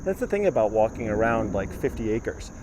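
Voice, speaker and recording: A man's voice: on the low side, sing-song, brisk. A man guiding a live-streamed garden walking tour outdoors, chatting casually and reading viewer comments aloud. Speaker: tour guide. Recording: outdoor live stream with clear background noise.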